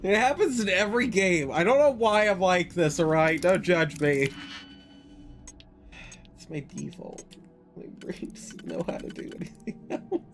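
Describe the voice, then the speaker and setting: A streamer from California giving profane, animated live gameplay commentary, now and then slipping into a joking southern drawl. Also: medium pitch, unhurried. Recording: game music behind the voice. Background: game music and sound effects.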